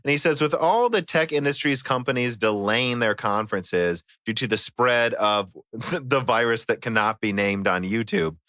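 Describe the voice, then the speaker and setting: A man's voice: medium pitch, moderate pace, few pauses, pushed and bright, no room sound, clean studio sound. A man hosting a podcast, chatting casually and reading out listener mail. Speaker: podcast host.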